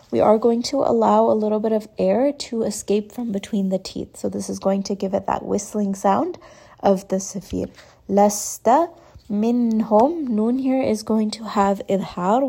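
A woman teaching Quran recitation in a calm, methodical way. Her voice has a gravelly, creaky edge. She walks through each rule slowly and carefully, demonstrating the sounds as she goes. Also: mid-range voice. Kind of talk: tajweed lesson with recited examples.

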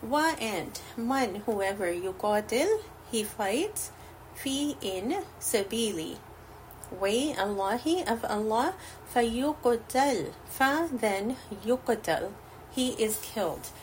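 A woman's voice: fairly high pitch, lively intonation, slow pace, slight background noise, rough recording. A woman teaching a Quranic Arabic lesson, patiently glossing each word one at a time.

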